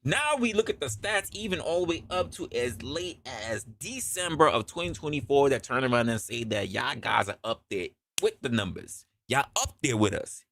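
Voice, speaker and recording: A man hosting a comedy opinion podcast, talking in a loud, profane, animated way and acting out scenes. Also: medium pitch, moderate pace, creaky, few pauses, a little hiss or hum. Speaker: podcast host.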